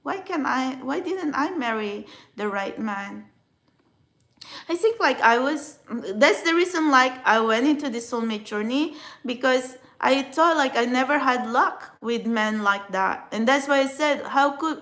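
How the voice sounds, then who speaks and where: High-pitched woman vlogging, filipino dialect is her first language, rambly and emotional, lots of restarts. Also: a little slow, a bit bright. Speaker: spiritual vlogger. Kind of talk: emotional personal vlog.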